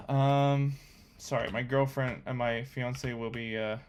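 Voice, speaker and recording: A young man talking to himself while coding, thinking aloud with excitable, chatty commentary. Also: medium pitch, takes it slowly, slight background noise. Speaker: coding vlogger. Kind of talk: casual screen-recorded coding commentary.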